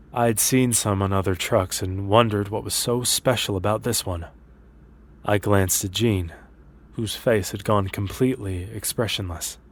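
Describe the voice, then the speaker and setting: Male horror narrator, low voice, steady and measured scripted reading.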